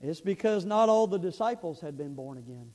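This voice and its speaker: A man's voice: a little high, lively intonation, a little fast, darkish tone, rough recording. A man pastor preaching a sermon, earnest and storytelling, often repeating words as he goes.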